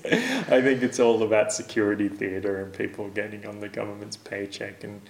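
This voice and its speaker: A man's voice: on the low side, animated, normal speed, creaky. A man co-hosting a casual podcast chat, telling stories and laughing often. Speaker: podcast co-host.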